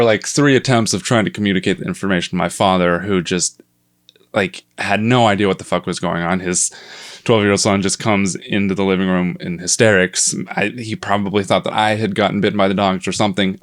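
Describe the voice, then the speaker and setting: A young man telling a personal story in a casual vlog, animated and self-mocking, swearing often. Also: lowish voice, a little fast.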